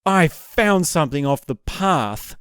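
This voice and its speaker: A blunt girlfriend who keeps asking pointed questions, as a man quotes her in a slightly raised voice. The voice stays smooth and clear, with a dry, close sound. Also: on the high side, expressive, takes it slowly, no echo, voice pushed up. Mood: demanding. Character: woman, the narrator's girlfriend, blunt and probing.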